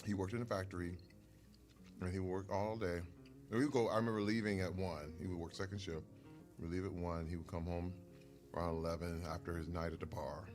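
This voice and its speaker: A middle-aged man, a retired football player and guest, telling stories over a meal in an animated way, laughing often. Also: sits low, brisk, faint music behind. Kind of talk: casual storytelling over a meal.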